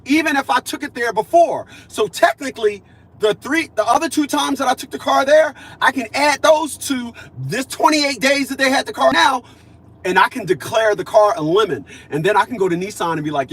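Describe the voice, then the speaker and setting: A vlogger in his fifties speaks in a very high-pitched, fairly bright, slightly rough voice, a little fast. His casual monologue is emphatic and repetitive, and he acts out conversations he's had.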